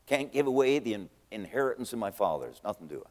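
A man's voice: fairly low pitch, very animated, quick pace, long reverb tail. A man doing a polite, stubborn farmer. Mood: firm. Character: calm stubborn vineyard owner, polite but firm.

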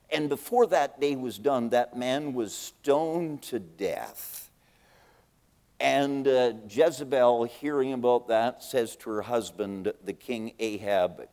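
Folksy guy preaching, acting out a story, long echo in a big hall. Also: mid-range voice. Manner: folksy, animated, acting out scenes. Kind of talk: sermon storytelling.

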